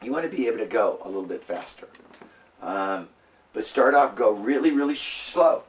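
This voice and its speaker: A man teaching a class in a casual, halting way, with many fillers and restarts. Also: on the low side, expressive, far from the mic. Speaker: Bible language teacher. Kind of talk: classroom lecture.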